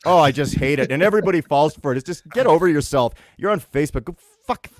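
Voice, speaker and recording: A middle-aged man from Canada rants with sarcasm, his pitch leaping and swooping in lively swings. He is on the higher side for a man. The sound is close and dry. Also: fast, no echo. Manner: exasperated, sarcastic, mocking voices. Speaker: podcast co-host. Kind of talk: comedic rant.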